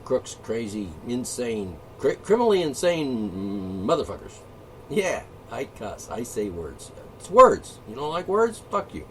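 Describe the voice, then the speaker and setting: A man's voice: mid-range voice, very animated, measured pace, fairly bright tone. A man hosting his own monologue channel, ranting in a profane, combative and mocking way. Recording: distant mic, faint background noise.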